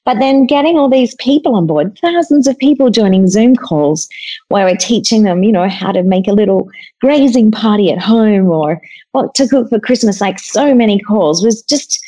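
A woman in casual podcast chat over a video call, telling stories in a chatty, expressive way. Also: medium pitch, normal speed, poor audio. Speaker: guest cook and author.

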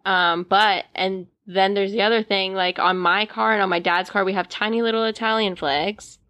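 A woman's voice: mid-range voice, steady tone, moderate pace, fairly bright tone, no room sound. A young Canadian woman in casual podcast chat, rambling with lots of fillers and giggles.

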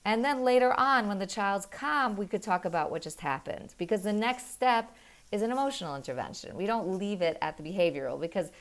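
A middle-aged woman and mother explaining parenting in an earnest, animated way, telling stories with quick laughs. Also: mid-range voice. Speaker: parenting guest. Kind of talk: conversational explaining.

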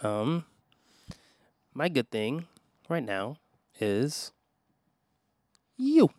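A woman co-hosting a podcast in casual chat, with a deadpan, dry sense of humor. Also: very deep voice, extremely slow, no echo. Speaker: podcast co-host.

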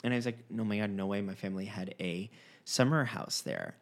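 A man's voice: on the low side, brisk, vocal fry. A man telling a personal story in casual conversation, acting out the dialogue with many restarts. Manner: animated storyteller, acts out quoted dialogue, frequent restarts.

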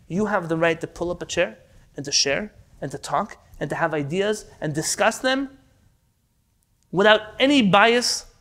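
A man teaching a Torah class in an impassioned lecture, swinging from loud rhetorical questions to quiet, intense pleas. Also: high-pitched.

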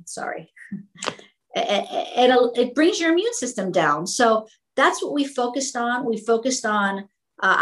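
A woman's voice: a little high, low-quality recording. Fired-up, emphatic woman school owner. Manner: emphatic, repeats words when fired up. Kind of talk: impassioned interview answers.

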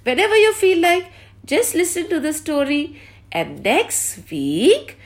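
A woman telling stories to a children's class, slowly and encouragingly. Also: fairly high pitch. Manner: warm, encouraging, slow and clear with kids.

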